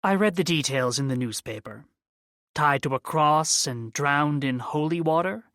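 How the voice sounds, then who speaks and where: A man's voice: fairly high pitch, unhurried, a bit bright, no room sound, clean studio sound. A man voicing a snooty, disdainful old shopkeeper. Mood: condescending. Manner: condescending, droll, lecturing. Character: snooty older male occult shopkeeper, disdainful. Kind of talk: audiobook character voice.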